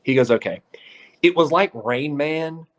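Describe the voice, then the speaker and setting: A man's voice: a little high, unhurried. A man, a local TV sports reporter, telling a story on a casual sports podcast and acting out the quotes as he goes. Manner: animated storyteller, acts out quotes.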